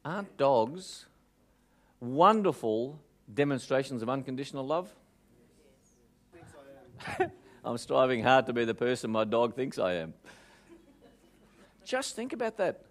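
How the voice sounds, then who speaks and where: A man with an Australian accent giving a motivational talk, telling jokes lively and asking the audience questions. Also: medium pitch, measured pace, pauses often. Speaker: motivational speaker.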